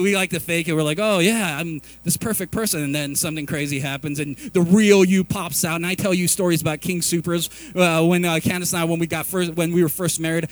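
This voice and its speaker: Animated high-voiced man preaching. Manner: animated, confessional storytelling with many restarts. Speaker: pastor. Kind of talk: sermon.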